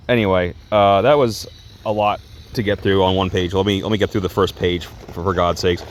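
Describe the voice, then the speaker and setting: A man chatting his way through a comic book review in a loose, rambling manner, swearing casually and laughing often. His voice sits low, and he stops to correct himself as he talks. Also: steady tone, brisk.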